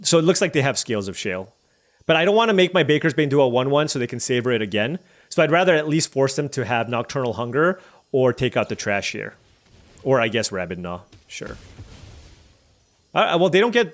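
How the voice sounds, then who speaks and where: A man's voice: medium pitch, expressive, brisk. A man streaming a digital card game, chatty and musing aloud over each play as he weighs his options. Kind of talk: thinking aloud while playing.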